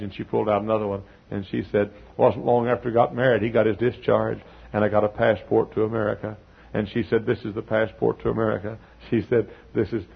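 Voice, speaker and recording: A man preaching a sermon, telling stories that swell into loud peaks. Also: fairly low pitch, creaky, slightly rough, highs cut off. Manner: storytelling, swells to shouting peaks. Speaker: pastor.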